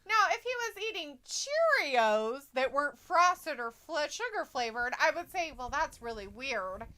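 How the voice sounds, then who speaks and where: Woman co-host, high and bright, reads chat aloud, laughs a lot. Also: big pitch swings, normal speed. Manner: reads viewer comments aloud, laughs often. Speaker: live-stream co-host. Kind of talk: casual watch-along chat.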